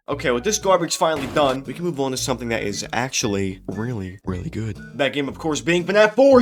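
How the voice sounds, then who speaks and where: A man's voice: mid-range voice, fast talker. Young man ranting animatedly about a game. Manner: animated ranting with swearing and laughter. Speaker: gaming video creator. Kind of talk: game review commentary. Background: soft background music.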